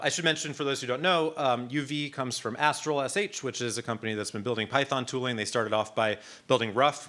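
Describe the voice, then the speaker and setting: A man's voice: mid-range voice, bright, forceful tone. A middle-aged man leading a live technical workshop, talking casually with many ums and restarts. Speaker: instructor. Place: conference room.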